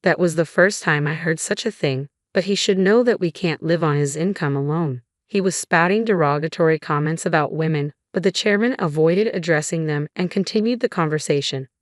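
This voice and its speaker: A woman narrating a first-person story in a steady, scripted way. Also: low voice, fairly quick, hardly any pauses, no room sound, studio quality.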